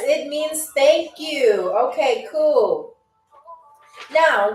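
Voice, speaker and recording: A playful woman hosts a live trivia game for her viewers. Her voice sits a little high and she speaks at an unhurried pace. She is heard from a distance in an echoey room, with faint music behind her. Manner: chatty, playful, repeats foreign words slowly for viewers. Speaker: game show host.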